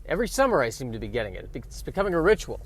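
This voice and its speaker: A man's voice: mid-range voice, sing-song, racing. A man hosting his own podcast in a casual, rambling monologue, talking in an offhand, self-mocking way. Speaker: podcast host.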